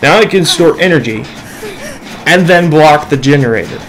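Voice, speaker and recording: A teenage boy giving loose, excitable commentary while playing a game, yelling at teammates and mocking himself. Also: fairly high pitch, moderate pace, poor audio. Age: teens. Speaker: gamer. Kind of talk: let's play commentary. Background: game music.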